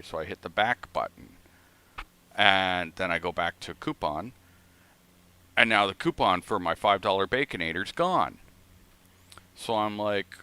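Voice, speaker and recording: A man's voice: deep voice, animated, moderate pace, sharp tone. A man streaming a flight simulator, telling a rambling, profane story in casual chat.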